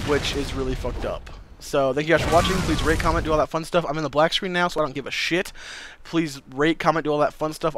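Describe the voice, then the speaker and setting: A young man vlogging, telling a casual story to camera with animated delivery, acting out other people's voices and swearing freely. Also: a little high, background noise.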